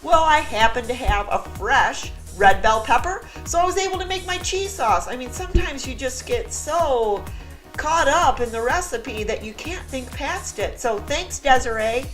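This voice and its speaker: A woman's voice: high-pitched, fairly bright tone. A middle-aged woman hosting a casual cooking vlog, chatty and joking at her own expense. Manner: chatty, joking, self-deprecating. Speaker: vlog host.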